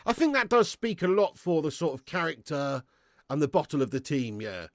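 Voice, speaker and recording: A man hosting a live football watch-along, calling the play and chatting casually with viewers, swearing freely and swinging between excited shouts and weary sighs. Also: on the high side, moderate pace, no room sound, studio quality. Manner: casual and matey, thanks viewers by name. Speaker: fan channel host doing live match watch-along.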